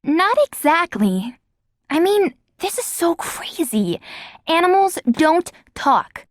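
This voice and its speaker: A woman voicing an earnest young girl who loves animals, in an eager, bright manner for an audiobook. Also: extremely high pitch, big pitch swings, slow pace, dry recording, studio quality, voice pushed up, heavily acted. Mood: puzzled. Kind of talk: audiobook character voice.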